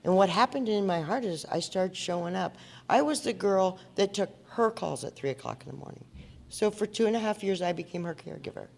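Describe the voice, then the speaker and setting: Speaking a little fast, this woman has a low, creaky, darkish voice with lively intonation. She's from Indiana and is sharing her personal recovery story in a meeting hall, earnestly and conversationally, asking the audience questions.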